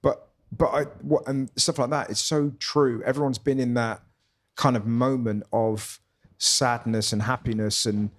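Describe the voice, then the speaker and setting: A man's voice: mid-range voice, fairly even intonation, measured pace. A man with a British accent, a comedian guest, chatting in a pub, full of restarts and enthusiasm. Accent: British English. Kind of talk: casual chat.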